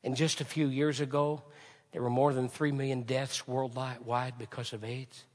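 Impassioned preacher in a reverberant hall. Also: male voice, mid-range voice, level tone, normal speed. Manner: impassioned preaching, swinging from shouts to hushed lines. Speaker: pastor. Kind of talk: sermon.

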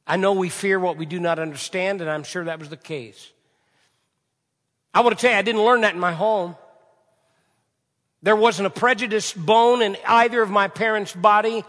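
Guy with a high voice preaching, lots of repeated lines and questions, long echo like a big hall. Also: normal speed, pauses often, fairly bright tone. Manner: rhetorical questions and repeated phrases. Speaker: pastor. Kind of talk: sermon. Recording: reverberant hall.

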